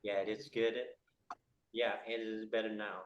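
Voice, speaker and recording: A man teaching a one-on-one English pronunciation lesson, explaining haltingly with many fillers. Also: on the low side, flat delivery, highs cut off, background noise.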